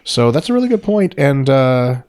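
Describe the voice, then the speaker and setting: A man's voice: medium pitch, big pitch swings, normal speed, darkish tone. A man hosting a podcast in casual chat, joking and swearing, then explaining training science at length. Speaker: podcast host.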